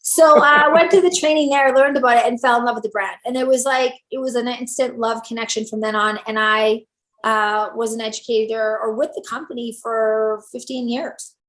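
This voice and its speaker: A woman's voice: fairly high pitch, fairly quick. A middle-aged woman, a salon owner and stylist, telling stories in an interview and acting out the lines people said to her. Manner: animated, acts out quoted dialogue. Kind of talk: storytelling interview. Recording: roomy echo.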